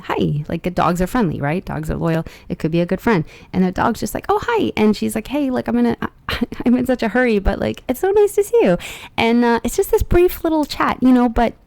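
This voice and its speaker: A woman's voice: on the low side, gravelly, a little mellow, dry recording. A young adult woman giving a casual, chatty tarot reading, upbeat and rambling with plenty of fillers. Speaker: tarot reader.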